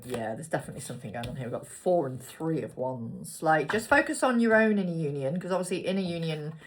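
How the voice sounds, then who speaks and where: Woman, low voice, casual tarot reader, chatty and wandering. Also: fairly bright tone, slight background noise. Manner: chatty, rambling asides, talks to herself while picking cards. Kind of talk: casual tarot reading to viewers.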